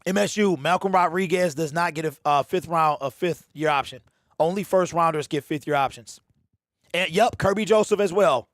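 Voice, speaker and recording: A man hosting a casual fan livestream, animated and slangy, talking straight to his chat. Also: high-pitched, no room sound, studio quality. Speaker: livestream host.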